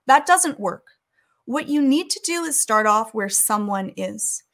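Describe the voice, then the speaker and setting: Earnest woman giving calm advice. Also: on the high side, a little slow. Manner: calm, earnest, acts out quoted speech. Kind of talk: conversational advice.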